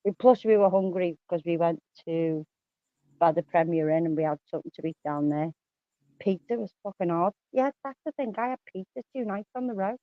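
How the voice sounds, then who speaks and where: A woman's voice: lowish voice, a little fast, no echo, phone-quality sound. Swearing, chatty woman. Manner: swears a lot, laughs often, rambling anecdotes. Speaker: guest on a live chat stream. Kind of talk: casual chat.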